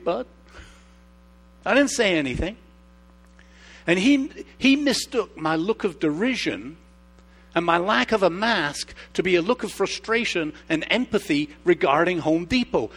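A middle-aged man preaching with a fairly high voice that moves up and down a lot. He's an expressive storyteller who drops to a hushed tone for emphasis and then gets lively again, all in the flow of a sermon. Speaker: pastor. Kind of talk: sermon with personal stories.

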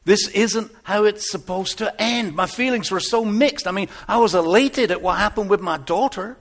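An actor playing an aging biblical shepherd, telling his story earnestly, moving between hushed tones and exclamations. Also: high voice, normal speed. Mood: conflicted. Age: older. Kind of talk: first-person dramatic monologue.

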